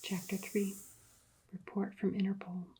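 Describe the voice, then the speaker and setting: A woman narrating an adventure book in a soft-spoken ASMR reading, hushed and partly whispered. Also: medium pitch, completely flat delivery, measured pace, husky.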